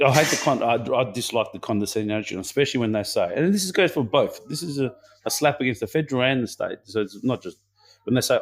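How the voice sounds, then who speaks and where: A man's voice: medium pitch, lively intonation, quick pace, husky. A man co-hosting a casual podcast, talking in an easygoing way with sarcastic asides. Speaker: podcast co-host.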